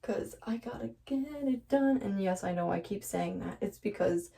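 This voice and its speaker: A woman's voice: mid-range voice, moderate pace, creaky, mellow, distant mic, rough recording. A woman vlogger chatting nervously to the camera while she dyes her hair, laughing often. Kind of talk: casual chat to camera while dyeing hair. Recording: voice a bit off-mic.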